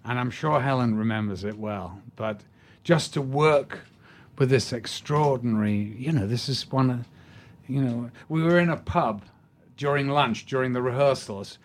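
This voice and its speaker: An older man telling a story in an interview. He takes his time, circling back with restarts and chuckles, at an ordinary middle pitch. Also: moderate pace. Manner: leisurely anecdotes with restarts and laughter. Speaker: actor, interview guest.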